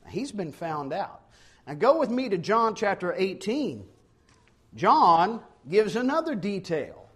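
A man's voice: sits high, sing-song, slow pace, husky. A man preaching a sermon, acting out the quoted dialogue dramatically. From not from Ohio; lives in Ohio.

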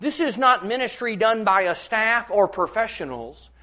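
A male pastor preaching a sermon, reading scripture with verse references and building to loud, repeated declarations. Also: high-pitched, animated, normal speed.

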